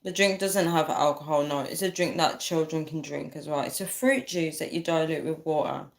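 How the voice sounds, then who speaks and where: A woman's voice: low voice, steady tone, normal speed. Tired woman giggling through a livestream. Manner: laughs often, giggling fits, reads viewer comments aloud. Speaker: livestream host. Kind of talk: casual livestream chat reading out comments.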